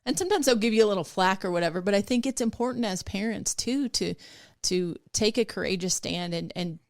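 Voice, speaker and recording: A woman hosts a podcast, warmly affirming her guest and thinking aloud in an easy conversational way. Her voice sits at an ordinary middle pitch. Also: brisk, no echo, studio quality. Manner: affirming, thoughtful. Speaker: podcast host. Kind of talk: casual conversation.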